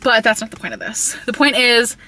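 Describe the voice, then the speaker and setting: A woman's voice: on the high side, steady tone, fairly quick, sharp tone. A woman chatting casually and upbeat about her book haul in a vlog, rambling a little and a bit out of breath, talking from her car. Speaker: book vlogger.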